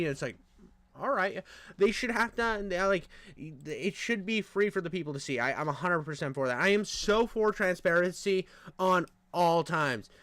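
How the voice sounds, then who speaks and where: A man's voice: sits high, fairly bright tone, dry recording. A nasal-voiced man commenting casually on a video, rambling in a crude, profane way. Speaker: online commentator reacting to a video.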